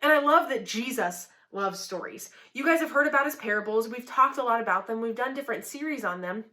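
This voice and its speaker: A young woman giving a casual youth sermon, telling a story in a chatty, animated way with lots of "like" fillers. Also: a little high, brisk. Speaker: youth ministry speaker.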